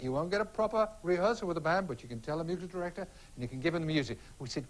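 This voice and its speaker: High-voiced male game show host. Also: racing, few pauses, rough recording. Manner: breezy, jokey, announcing. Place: TV studio with audience. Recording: studio with audience and noise.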